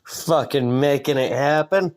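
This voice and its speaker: A man's voice: medium pitch, measured pace, noisy background. A man hosting a podcast alone, ranting casually in a profane, self-mocking way. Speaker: podcast host. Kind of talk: casual rambling monologue.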